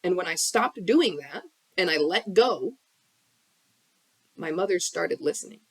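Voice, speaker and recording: A woman's voice: fairly low pitch, expressive, measured pace, husky, dry recording. Woman, spiritual coach, blunt, impassioned, swears freely, casual motivational talk, phone live stream from a bedroom. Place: her bedroom.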